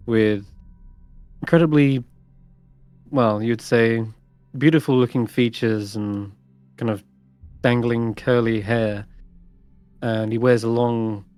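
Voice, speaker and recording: A man's voice: mid-range voice, dry recording. A man narrating as game master in a tabletop game, describing scenes in a hesitant way with many fillers.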